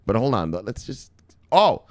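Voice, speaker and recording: A man hosting a crypto news vlog in loud, profane, boisterous casual commentary, laughing often. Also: lowish voice, big pitch swings, a little slow.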